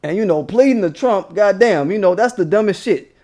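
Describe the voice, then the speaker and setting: Brash high-voiced man, vlog commentator from Maryland, heated and profane. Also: animated, fairly quick, dark tone. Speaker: commentary vlogger. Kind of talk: ranting commentary.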